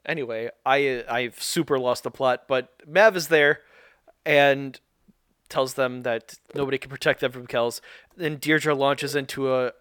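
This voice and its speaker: A man's voice: medium pitch, steady tone, unhurried, fairly bright tone, smooth, no echo, studio quality. A man co-hosting a podcast, recapping a show in casual chat, rambling and laughing often.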